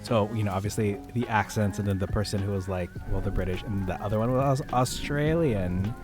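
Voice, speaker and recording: A man's voice: lowish voice, fairly quick, music in the background. An American man chatting casually on a stream, meandering as he talks and reading out chat messages. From United States. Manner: lively, meandering, reads chat aloud.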